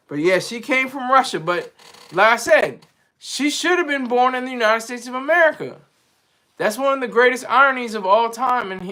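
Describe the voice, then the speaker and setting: A man with a high, bright, sharp-edged voice talks loosely to his live-stream chat. He wanders from point to point with firm opinions and pauses now and then to hunt for a word. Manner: rambling and opinionated, searching for words mid-sentence. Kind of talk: casual monologue.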